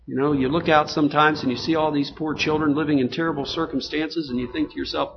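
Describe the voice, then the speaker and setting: A man's voice: fairly high pitch, steady tone, fast talker, gravelly, hardly any pauses. A man preaching a sermon in an earnest, emphatic, conversational way, with many fillers. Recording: dull lo-fi sound with faint noise.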